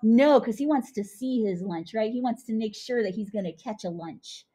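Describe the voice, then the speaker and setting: A young woman teaching young children, animated and sing-song as she chants rhymes and talks through each step. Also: on the high side, normal speed, husky. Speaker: kindergarten teacher.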